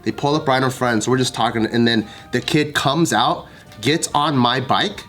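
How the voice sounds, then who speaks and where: A man telling a story in a casual chat, acting out his own shouts. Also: medium pitch, normal speed, faint music behind. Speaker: co-host.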